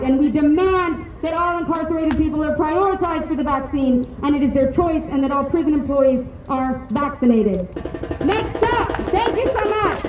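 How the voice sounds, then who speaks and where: A woman emceeing an outdoor protest rally, introducing speakers in a brisk, rousing way. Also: sits high, a little mellow, dull audio. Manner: brisk, rousing, announcing to a crowd. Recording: echoey open-air PA with crowd noise.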